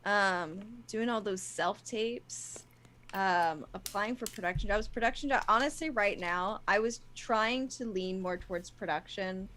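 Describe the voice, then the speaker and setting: A woman's voice: medium pitch, unhurried, sharp tone, a little hiss or hum. A young woman from England, a guest actress and producer, chatting casually on a live stream. She talks animatedly, acts out her own past conversations and often restarts her sentences.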